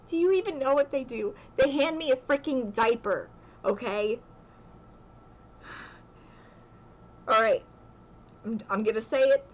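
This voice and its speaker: A young woman vlogger with a fairly high voice tells a story in a casual home vlog, recorded with lo-fi sound. She's chatty, laughs often, and says "okay" again and again.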